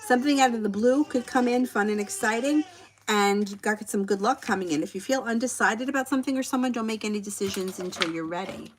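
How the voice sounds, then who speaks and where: A woman's voice: on the high side, fast talker, slight background noise. Chatty woman giving a tarot reading. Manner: rambling, tangent-prone, laughs often. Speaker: tarot reader hosting a livestream. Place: home with a small child around.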